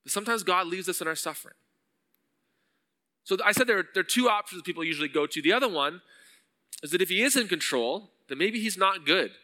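A man with a high, expressive, bright, and forceful voice preaches fast in a large hall, leaving long pauses. His earnest sermon turns pleading in intensity as he voices psalm verses.

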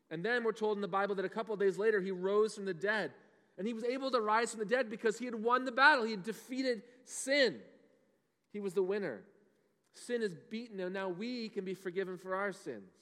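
A man in his thirties leads an animated children's sermon, tossing questions out to the young listeners as he goes. His voice sits high and carries. A long reverb trails behind each phrase, as if he stands in a large hall. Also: brisk. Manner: animated, asks the kids questions. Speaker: children's pastor. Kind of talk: kids' sermon.

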